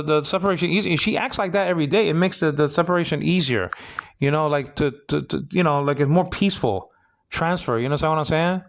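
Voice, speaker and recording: A man ranting in a rambling personal monologue, stumbling over repeated words and complaining indignantly. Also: fairly high pitch. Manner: rambling, repetitive, stammering restarts. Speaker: vlogger.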